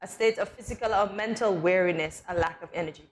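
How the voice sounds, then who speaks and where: A woman's voice: fairly low pitch, fast, slight background noise. A woman co-hosting a morning talk show in casual chat, playful and teasing, laughing to tears.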